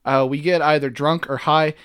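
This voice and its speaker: A man's voice: on the high side, fairly even intonation, normal speed, a bit bright, smooth, no echo, studio quality. A young man co-hosting a podcast, talking in a joking, rambling way with many fillers. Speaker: podcast co-host. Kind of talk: casual chat.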